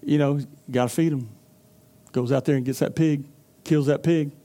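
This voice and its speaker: A pastor preaches in a folksy, storytelling manner, acting out the characters as he goes. His voice sits a little high yet sounds warm and mellow. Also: steady tone, moderate pace. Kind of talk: sermon.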